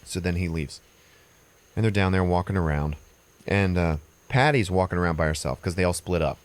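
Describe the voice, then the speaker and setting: Deep-voiced man rambling through a movie plot. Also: brisk. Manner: rambling, loose, swearing. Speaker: podcast host. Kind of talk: casual movie recap.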